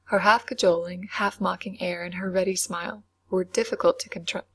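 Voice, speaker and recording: A woman narrating a classic novel in a whispered role-play reading, soft, slow and soothing. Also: lowish voice, steady tone, slightly rough.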